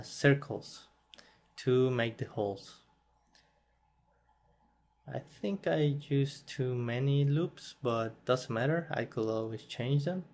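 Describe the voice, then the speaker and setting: A man who is not a native English speaker, hosting a software tutorial and thinking aloud as he works, a bit tired and self-correcting. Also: mid-range voice. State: yawning, tired. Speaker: tutorial host. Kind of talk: screen-recorded software tutorial.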